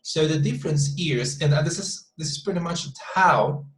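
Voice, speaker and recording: A male English teacher with a Spanish accent, a Spanish speaker, leading an online class in a halting way, with many repeated words and fillers. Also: on the high side, a bit bright, echoey room, rough recording.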